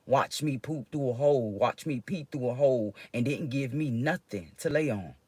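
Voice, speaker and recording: A woman's voice: very deep voice, normal speed, warm tone, husky. A woman rants straight to her viewers, agitated and swearing, tripping over her words as she restarts sentences. The sound is dry and close, with no room echo. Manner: agitated, profane, rambling with restarts. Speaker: vlogger. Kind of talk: emotional personal venting.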